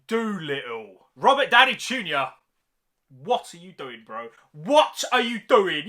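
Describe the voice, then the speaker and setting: Male reviewer, animated and mocking, with slang and big exaggerations. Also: sits high. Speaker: movie reviewer. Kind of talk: ranting review vlog.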